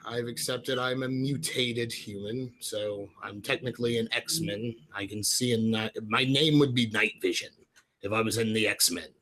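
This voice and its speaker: A chatty man streaming live from his home, with a put-on British-sounding accent that slips in and out. He rambles freely, makes fun of himself and greets viewers in the chat. His voice sits at an everyday middle pitch. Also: fairly even intonation, unhurried, bright, forceful tone, a little hiss or hum. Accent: affected British-sounding accent that comes and goes. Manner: rambling, chatty, self-deprecating, answers viewers' chat messages. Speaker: livestream host. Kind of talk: casual rambling livestream chat.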